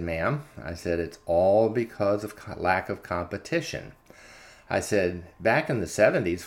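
A man hosting his own channel, telling a story in a chatty, unscripted monologue full of fillers and "I said" retellings. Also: fairly low pitch. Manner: chatty, frequent filler words, retells dialogue with "I said". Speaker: commentary channel host.

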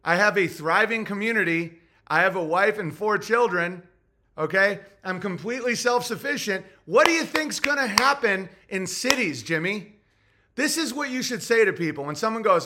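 A man's voice: high voice, expressive, moderate pace, bright, forceful tone. A man hosting a podcast, ranting in a sarcastic, profane, mocking way. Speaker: podcast host. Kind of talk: podcast rant.

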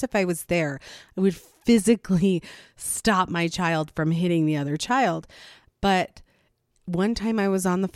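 Woman, parenting vlogger, lowish voice, dry close sound, earnest and chatty. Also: darkish tone, no echo. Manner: earnest, conversational, laughs now and then. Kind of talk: casual advice talk.

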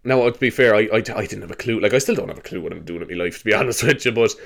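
A young Irish man in his twenties talking on his own podcast in a loose, wandering way. His voice sits a little low. He swears freely, laughs at his own tangents and fills his talk with "like" and "you know.". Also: vocal fry. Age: 20s. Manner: rambling, sweary, quick to laugh, with many fillers. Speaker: podcast host. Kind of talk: casual rambling monologue.

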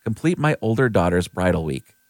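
Brief: man voicing a calm, scheming older uncle, low voice, dry recording. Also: brisk, no room sound. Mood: matter-of-fact. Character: Laban, shrewd older male uncle.

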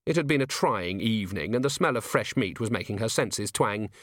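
A male audiobook narrator telling the story in a measured, lively way, his pitch moving freely through the sentences. The sound is dry and close, with no room around it. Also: dry recording.

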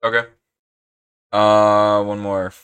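A man's voice: lowish voice, little pitch movement, slow, a bit bright, smooth. A young man, the new podcast member, earnestly explaining and asking silly hypothetical questions. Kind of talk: casual chat.

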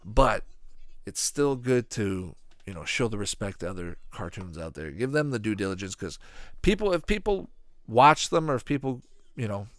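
A low-pitched man riffs casually while watching a cartoon, his voice swinging lively up and down. He rambles, swears now and then, and drifts between asides. The sound is dry and close, with no room echo. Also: moderate pace. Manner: rambling, profane, animated asides. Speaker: cartoon reaction vlogger. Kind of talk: casual reaction commentary.

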